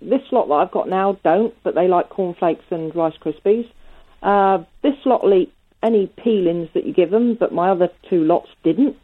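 A woman's voice: on the low side, moderate pace. A woman calling a radio show with a plain-spoken, curious question. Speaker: caller. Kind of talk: phone-in call. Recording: tinny phone line.

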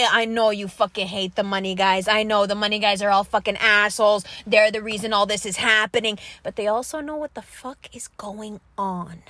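A woman's voice: on the high side, a bit bright, no echo. A woman delivering a blunt, heavily profane and confrontational political rant at her audience.

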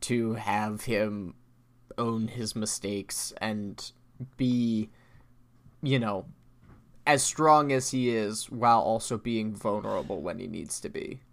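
A man's voice: lowish voice, takes it slowly, creaky, a bit bright. A man co-hosting a podcast in casual chat, talking loosely with many fillers and easy laughs. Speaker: podcast co-host.

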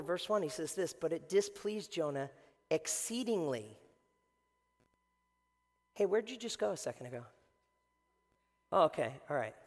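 Pastor, male, lively sermon delivery with loud peaks and quiet drops, bright voice, reverberant church hall. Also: a little high. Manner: animated, swings from shouting to hushed, acts out quotes. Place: church sanctuary before a congregation.

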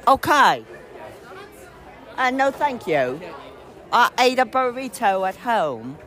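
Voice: medium pitch, big pitch swings, slow pace, sharp tone, some chatter behind. A vlogger chatting casually, joking and teasing friends while wandering a busy public building. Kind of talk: casual vlog chat.

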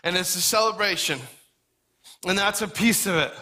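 A man's voice: high-pitched, moderate pace, sharp tone. A middle-aged man preaching a sermon in a conversational, folksy way, with asides to the congregation. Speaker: pastor.

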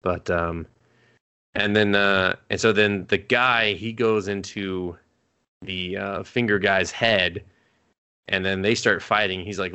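A man's voice: deep voice, steady tone, takes it slowly, sharp tone, clean tone. A young man co-hosting a podcast, rambling loosely and swearing freely as he retells scenes. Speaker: podcast co-host. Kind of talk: casual chat recapping anime.

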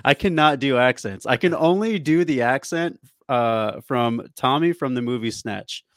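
A young man in casual podcast chat, relaxed and slangy, laughing easily. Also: medium pitch, unhurried, no echo, studio quality. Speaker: podcast co-host.

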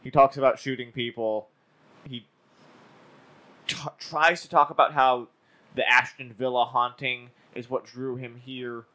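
Sarcastic bright-voiced man. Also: mid-range voice, fairly even intonation, measured pace, pauses often. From Houston area, Texas. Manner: sarcastic, profane storytelling. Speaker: podcast co-host. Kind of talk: casual chat.

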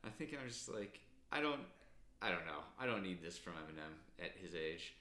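A man's voice: low-pitched, sing-song, fairly quick, bright, forceful tone. A man co-hosting a podcast in casual chat, rambling and hedging a lot as he talks. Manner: rambling, hedging with "like" and "I don't know". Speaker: podcast co-host. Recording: roomy echo.

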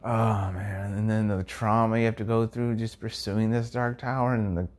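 A man's voice: on the low side, little pitch movement, normal speed. A man hosting his own podcast, musing casually and enthusiastically in a rambling way that often trails off, at times dropping to a near-whisper. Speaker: podcast host.

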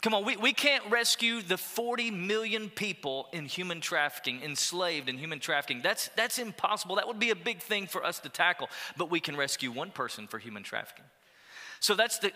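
Bright-voiced preaching pastor in a reverberant hall. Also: male voice, fairly high pitch. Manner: energetic preaching with call-and-response asides. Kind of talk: sermon. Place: church auditorium.

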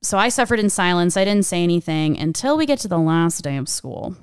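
A young woman tells a personal story in a casual, animated voice. She leans on "like" and swears freely. Her voice is smooth and clean, recorded dry with no room sound. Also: lowish voice, a little fast, no room sound. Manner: animated, chatty, swears freely, says "like" often.

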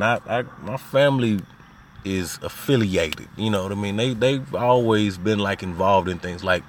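Laid-back Arkansas man with a low voice. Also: a little hiss or hum. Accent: Southern US, Arkansas. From Little Rock, Arkansas. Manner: laid-back, slangy, peppered with "you know what I mean". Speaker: podcast host. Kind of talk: casual personal storytelling.

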